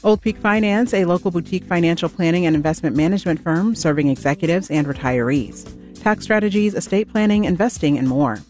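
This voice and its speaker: A radio station announcer reading sponsor credits and station messages in a smooth, even way. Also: medium pitch, brisk, faint music behind.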